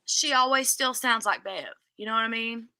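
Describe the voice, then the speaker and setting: A woman's voice: fairly high pitch, normal speed, bright, forceful tone, no echo. A woman co-hosting a casual live craft stream, chatting playfully and reading out viewer comments, a little sleepy after a big meal. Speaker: livestream co-host.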